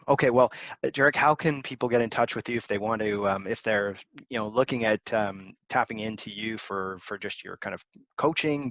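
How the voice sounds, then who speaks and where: Podcast host guy, lowish voice, kinda muffled and dry, lots of ums. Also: fairly bright tone, no room sound. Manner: affirming, halting with fillers. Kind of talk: podcast interview.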